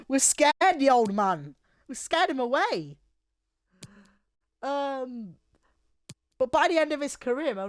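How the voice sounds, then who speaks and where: A man's voice: very high voice, no echo. A man giving casual, rambling and jokey commentary while streaming a football game.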